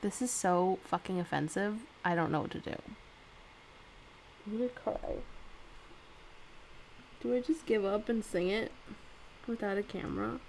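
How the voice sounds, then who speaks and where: Alone on camera, a young woman vlogs casually, swearing freely and complaining dramatically as she battles her camera setup and sings bits of songs. Her medium-pitched voice is gravelly, a little mellow and a little slow, with long pauses. The recording is low quality, with a little hiss or hum.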